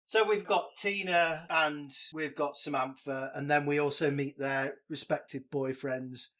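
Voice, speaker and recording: A man co-hosting a podcast in casual chat, walking through a story beat by beat. His voice sits somewhat high, and he breaks up the recap with dry, sweary asides. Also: steady tone, measured pace, fairly bright tone. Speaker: podcast co-host.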